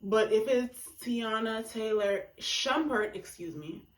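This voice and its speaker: A woman's voice: a little high, slow pace. Talkative woman in an echoey room. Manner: emphatic, acts out reactions in quoted voices. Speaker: relationship commentator. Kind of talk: casual monologue.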